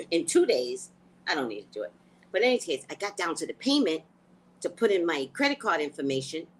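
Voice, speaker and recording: A woman's voice: fairly low pitch, a little hiss or hum, low-quality recording. A woman hosting a live stream, telling an exasperated story in a casual, profane way and greeting viewers by name. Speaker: live stream host, tarot reader. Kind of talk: casual livestream rant.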